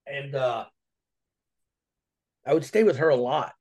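A man's voice: mid-range voice, lively intonation, unhurried, darkish tone. A man, a guest on a podcast interview, telling a personal story in a casual, earnest and slangy way with frequent restarts.

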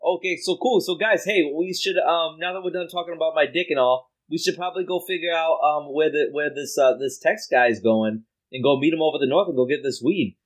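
A man's voice: a little high, fairly quick, hardly any pauses, low-quality recording. A man playing a tabletop game in character, talking loose and swearing in a laid-back stoner way. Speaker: player.

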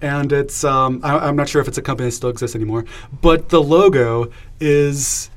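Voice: mid-range voice, fairly even intonation, moderate pace. A podcast host in casual chat, laid-back and steering the conversation.

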